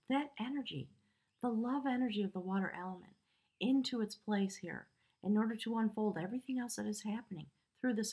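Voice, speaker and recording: A woman's voice: mid-range voice, breathy edge. Earnest woman giving a tarot reading. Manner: earnest, emotional, rambling with fillers. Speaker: tarot reader.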